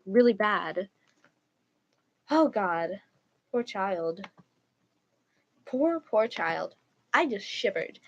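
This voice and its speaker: A woman's voice: medium pitch, fairly bright tone. A woman streamer reading stories aloud and reacting casually, with emphatic remarks. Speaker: livestreamer. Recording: dull lo-fi mic.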